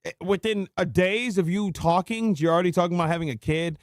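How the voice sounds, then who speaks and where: A man hosting a live stream, delivering a mocking, slang-filled rant and pausing to greet viewers. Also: high-pitched, dry recording, studio quality. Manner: animated, slangy, mocking rants; laughs and interrupts himself to greet viewers. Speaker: livestream host. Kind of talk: live stream reaction commentary.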